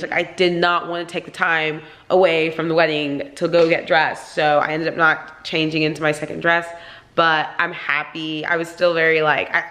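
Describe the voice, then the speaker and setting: A young woman talks straight to her viewers from home in a casual, gushing vlog voice, her pitch sitting low for a woman. She rambles happily and fills her sentences with "like". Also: fairly bright tone. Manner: gushing, chatty, lots of "like". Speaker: vlogger, bride. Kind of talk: casual chat.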